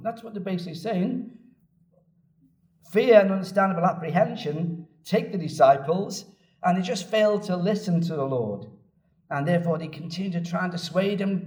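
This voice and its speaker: Preacher, lively and repetitive. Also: male voice, high-pitched, normal speed. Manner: animated storytelling, repeats phrases for emphasis. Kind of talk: sermon. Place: church. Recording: echoey church room from a distance.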